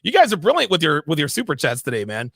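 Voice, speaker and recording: A man streaming mocking commentary on a video clip, sarcastic and laughing often, mumbling low when he mimics her. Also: wildly swooping pitch, fast, creaky, sharp tone.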